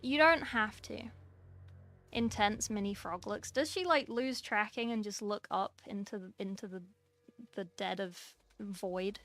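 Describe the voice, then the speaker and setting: A young woman with a mid-range, slightly bright voice speaks at a measured pace. She's livestreaming from a small room at home, painting miniatures while casually reading and replying to her chat.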